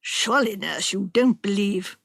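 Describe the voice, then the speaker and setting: Lady putting on a weary husband, low and quiet, kinda sarcastic, dry close sound. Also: normal speed, creaky, breathy edge, no room sound. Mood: uneasy. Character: weary middle-aged husband, dry and wry.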